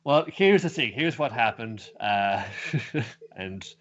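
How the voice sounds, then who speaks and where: A man co-hosting a podcast, recapping an anime episode in casual chat and acting out characters in animated voices. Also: medium pitch, slow pace, muffled recording. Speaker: podcast co-host.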